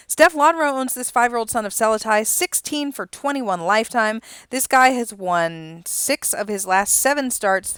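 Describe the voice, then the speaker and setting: A woman hosting a simulated horse racing broadcast, calling races with rising excitement in the stretch and chatting casually about the horses between races. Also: mid-range voice, clean tone, dry recording, clean studio sound. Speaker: race caller and stream host. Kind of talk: live horse race commentary with casual asides.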